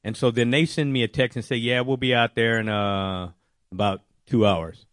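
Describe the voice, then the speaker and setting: A man telling a personal faith testimony, animated and acting out his own worried words. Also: medium pitch, normal speed, no room sound, clean studio sound. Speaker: testimony speaker.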